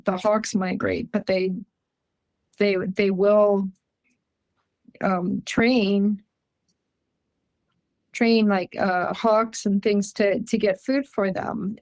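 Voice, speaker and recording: A woman's voice: medium pitch, dry recording. Chatty, rambling woman from Minnesota. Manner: rambling, chatty, frequent ums and restarts. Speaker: guest describing encounters. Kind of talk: casual interview storytelling. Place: rural home.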